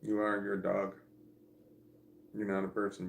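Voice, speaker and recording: A man's voice: on the low side, completely flat delivery, moderate pace, vocal fry, echoey room, a little hiss or hum. A man in his forties chatting casually on a livestream, rambling and candid as he thinks aloud. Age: 40s. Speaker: streamer.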